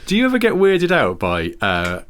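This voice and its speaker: A man's voice: on the high side, huge pitch swings, moderate pace, a bit bright, clean tone. A man co-hosting a casual podcast chat, telling a story in a wry way. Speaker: podcast co-host. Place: home.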